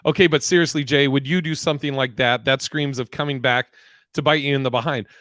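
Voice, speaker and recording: A man's voice: mid-range voice, fairly even intonation, a little fast, a bit bright, no room sound, clean studio sound. A man co-hosting a live podcast, reading chat comments and telling stories in a loose, profane way. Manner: profane, rambling storyteller. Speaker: podcast co-host.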